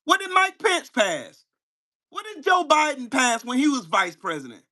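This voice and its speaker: A man hosting his own channel, delivering a heated, profane political rant at a commenter, firing rhetorical questions and bursting into shouts. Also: extremely high pitch, huge pitch swings, moderate pace. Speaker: channel host. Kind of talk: angry political rant to camera.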